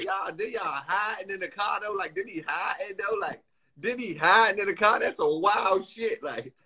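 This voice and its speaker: A young man streaming casual chat, excitable and teasing, laughing often and using crude slang. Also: high-pitched.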